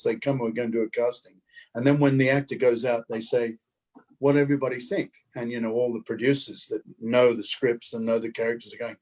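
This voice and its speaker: An older man telling a lively showbiz anecdote over a video call, acting out the other people's voices as he goes. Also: mid-range voice, low-quality recording. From Australia. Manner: animated storyteller acting out voices. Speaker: guest actor.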